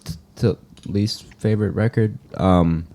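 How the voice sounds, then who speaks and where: A man's voice: fairly low pitch, unhurried, warm tone. A man co-hosting a music podcast, chatting offhandedly and cracking jokes. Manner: joking, offhand banter. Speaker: podcast co-host. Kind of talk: casual music podcast chat.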